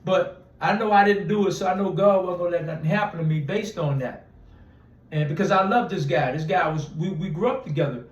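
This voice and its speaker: A man's voice: high voice, fairly quick, roomy sound, distant mic, dull audio. A man telling a long personal story in a casual interview, rambling with restarts and acting out quoted dialogue. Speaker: interview guest.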